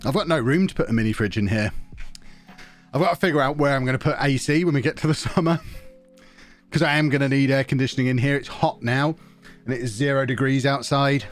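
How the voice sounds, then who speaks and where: A young man streaming from his small home office, talking straight to his viewers in a loose, rambling way. His voice sits at an ordinary middle pitch, close on a desk mic. Faint music plays underneath. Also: brisk. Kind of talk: casual live-stream chat while gaming. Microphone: desk mic close to the mouth.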